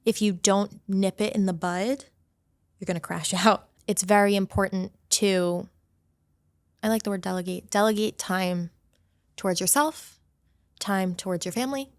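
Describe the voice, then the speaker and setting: A woman's voice: mid-range voice, moderate pace, no room sound, studio quality. Young woman giving upbeat advice. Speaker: esthetician and studio owner. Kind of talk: casual podcast interview.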